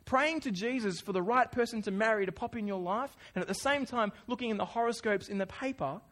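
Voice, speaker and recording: A man with an Australian accent preaching a sermon, telling stories in a lively, conversational way. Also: high-pitched, fairly quick. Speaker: pastor. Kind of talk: sermon with storytelling.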